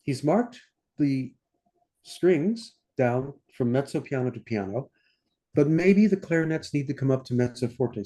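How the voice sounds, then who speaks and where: Older man, mellow, sings score lines. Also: medium pitch, sing-song. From United States. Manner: sings orchestral lines in scat syllables between explanations; unhurried, thinking aloud with fillers. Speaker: conductor teaching a masterclass. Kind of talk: score-study masterclass talk.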